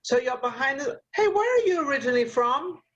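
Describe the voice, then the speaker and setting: A woman's voice: sits high, expressive, brisk. An older woman hosting an interview over a video call, chatty and motherly as she hands out advice, with plenty of fillers. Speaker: talk show host. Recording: muffled video call audio.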